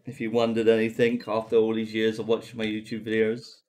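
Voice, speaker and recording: A man's voice: on the low side, a little fast, slight background noise. English man, young adult, casual game stream chat, swears a lot. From England. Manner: relaxed, swearing, chatty with viewers.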